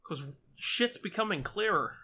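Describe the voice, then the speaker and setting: Bright-voiced, swearing podcast host. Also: male voice, high voice, animated, a little slow, a little hiss or hum. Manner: profane, rambling storyteller. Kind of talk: casual movie commentary chat.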